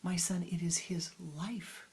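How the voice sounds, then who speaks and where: A woman voicing a calm, wise old grandfather who speaks gently but firmly to his son. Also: lowish voice, slow pace, breathy edge, heavily acted. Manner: gentle, firm.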